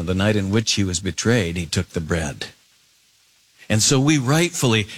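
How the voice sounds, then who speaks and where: A man preaching an expository sermon, climbing to emphatic high peaks and dropping low and quiet to read scripture. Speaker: pastor.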